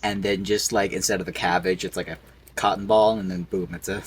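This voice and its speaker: A young man chatting casually on a podcast, joking with quick interjections. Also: deep voice, steady tone, a little hiss or hum. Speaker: podcast co-host. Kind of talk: casual chat.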